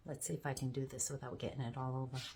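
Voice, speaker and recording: A woman's voice: very deep voice, little pitch movement, fast talker, mellow, a little hiss or hum. A woman from Georgia, chatting folksily to her viewers in her home kitchen. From Georgia, USA. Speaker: home cooking vlogger. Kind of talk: casual chatty cooking video.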